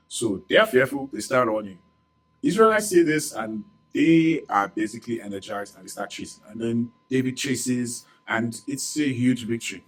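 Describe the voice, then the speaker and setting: A man's voice: medium pitch, sing-song, normal speed, fairly bright tone, breathy edge, faint music behind, low-quality recording. A man retelling a Bible story for a church audience in a casual, chatty way, full of "like" and "right?" and joking asides.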